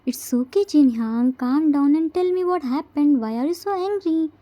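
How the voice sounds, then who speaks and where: A woman voicing a calm, patient young man who speaks gently to soothe a friend. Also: high voice, normal speed. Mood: soothing.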